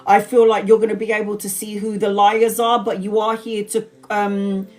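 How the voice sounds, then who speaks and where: A woman's voice: mid-range voice, little pitch movement, moderate pace, darkish tone. A woman in her forties telling a story casually on a live stream, laughing often and swearing freely, then giving a tarot reading. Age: 40s. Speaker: tarot reader.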